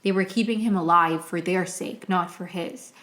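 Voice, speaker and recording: A young woman talks through a TV episode on her podcast in a loose, rambling way, circling back and restarting her sentences. Her voice sits a little low for a woman, and she gets openly emotional as she goes. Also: moderate pace, fairly bright tone. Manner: emotional, rambling, tearful at times, many "like"s and restarts. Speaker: podcast host. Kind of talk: casual solo recap.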